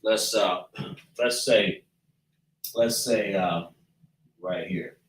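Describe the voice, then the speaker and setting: A man teaching a slow lesson at a chart, patiently breaking down and repeating sounds as he writes them out. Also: fairly low pitch, far from the mic. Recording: echoey room, voice from afar.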